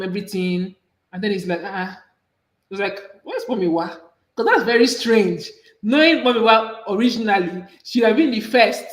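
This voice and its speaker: A woman co-hosting a casual movie review, walking through the plot in a conversational way. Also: medium pitch. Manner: conversational storytelling with fillers. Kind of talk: casual chat. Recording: echoey room.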